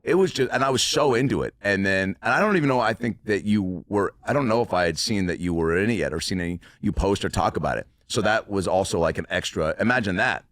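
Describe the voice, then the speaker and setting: A man's voice: on the low side, lively intonation, quick pace, hardly any pauses, a bit bright, dry recording, clean studio sound. A man in his thirties, a comedian guest on a podcast, telling a rambling, profane story in casual chat. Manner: rambling storyteller, swears, laughs often.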